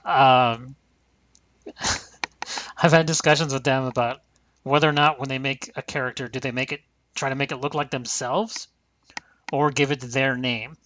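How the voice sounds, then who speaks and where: A man's voice: medium pitch, steady tone, moderate pace, pauses often, a bit bright, slight background noise. A man hosting a casual podcast, talking bluntly and profanely in long rambling runs. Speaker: podcast host.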